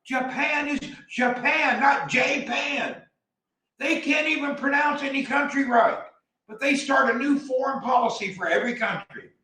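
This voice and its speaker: A man from the American South with a Southern accent, delivering a blunt, heated opinion rant as a vlogger and often shouting. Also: very high-pitched, normal speed, echoey room, far from the mic, poor audio.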